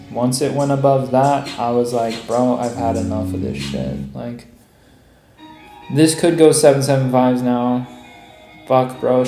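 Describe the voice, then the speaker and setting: A man's voice: mid-range voice, dark tone. A man live-streaming his day trades, ranting in an exasperated, profane way and saying "bro" constantly. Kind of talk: live trading stream commentary. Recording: echoey room with music playing behind.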